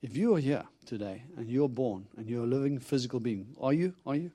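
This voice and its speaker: Guy preaching, tells stories w/ lots of laughs, mellow dark-ish voice. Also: medium pitch, brisk, breathy edge. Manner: animated storyteller, acts out quotes, laughs often. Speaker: itinerant preacher. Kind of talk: storytelling sermon.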